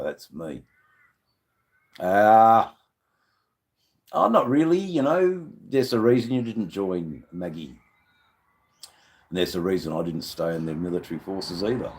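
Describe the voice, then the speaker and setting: An Australian man hosting a live stream, rambling and swearing freely as he greets viewers in the chat. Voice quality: deep, unhurried voice. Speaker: livestream host.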